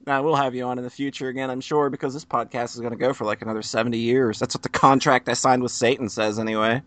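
A man's voice: mid-range voice, steady tone, quick pace, a bit bright, dry recording. A man hosting a podcast in a casual, teasing, joking way. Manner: joking, teasing, frequent laughs. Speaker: podcast host.

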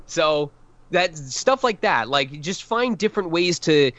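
A man's voice: on the high side, animated, a little slow, a bit bright, dry recording, dull audio. A man voice actor giving advice in a podcast interview, earnest and emphatic, restarting his sentences often. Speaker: voice actor guest.

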